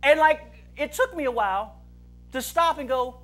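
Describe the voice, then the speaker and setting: A man's voice: extremely high pitch, animated, moderate pace, a bit bright, faint music behind. A man preaching a humorous sermon at a church service, telling stories with frequent laughter and mimicking his friends' voices. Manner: playful storytelling with frequent laughter and voice imitations. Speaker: pastor.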